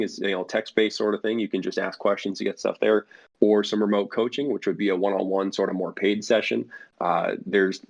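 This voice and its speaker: On dull, lo-fi audio, a gravelly, lowish-voiced man talks as a flight sim network's guest in a relaxed podcast interview. He wanders through his answers, full of filler words and false starts.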